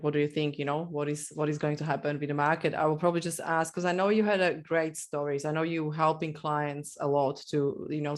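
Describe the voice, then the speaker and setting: Low-voiced woman hosting a podcast. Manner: searching for words, long rambling questions. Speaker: podcast host. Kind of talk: casual interview chat.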